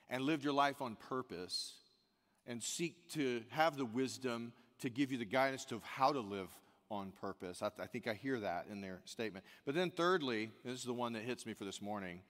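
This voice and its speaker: Earnest male pastor in a reverberant hall. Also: mid-range voice. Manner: earnest, repeats key phrases for emphasis. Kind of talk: sermon. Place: church service.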